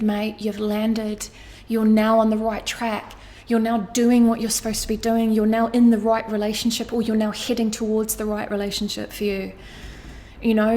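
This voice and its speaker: There's slight background noise as a woman with a fairly high, darkish voice reads tarot for her viewers. Earnest and emotional, she tends to repeat herself and swears casually throughout the astrology reading.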